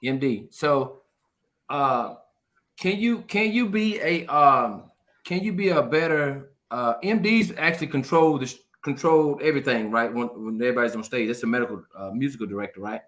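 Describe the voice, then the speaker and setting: Relaxed Southern man asking questions. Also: medium pitch, moderate pace. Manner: relaxed questioner with short backchannel replies. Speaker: interview host. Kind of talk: casual interview.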